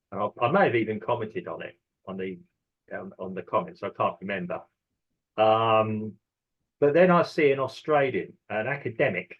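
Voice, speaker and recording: A man's voice: on the low side, slightly rough, highs cut off. A man with an Estuary English accent, an English teacher talking through a casual podcast monologue, rambling with many ums and restarts.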